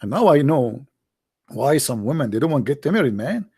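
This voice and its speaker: A man's voice: mid-range voice, sing-song, normal speed, gravelly, a little mellow, breathy edge. A man hosting a livestream in sarcastic, mocking commentary, firing rhetorical questions in non-native English. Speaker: livestream host taking calls. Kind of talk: mocking religious debate commentary.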